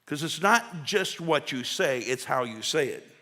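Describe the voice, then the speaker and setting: A man's voice: on the high side, expressive, unhurried, bright, forceful tone. A man preaching a conversational sermon as pastor, folksy and full of asides and restarts. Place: church sanctuary. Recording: long church hall reverb.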